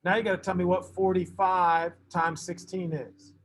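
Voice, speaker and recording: Brisk high-voiced male math teacher. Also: level tone, slight background noise. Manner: brisk, teasing, fusses at students then reassures. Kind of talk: classroom teaching.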